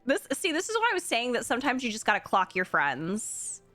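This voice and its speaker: Young woman streamer from Florida, gushy chatter that swoops high, soft music under her. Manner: bubbly, gushing, quick gasps of excitement. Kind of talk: casual chat with live viewers. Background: faint game music.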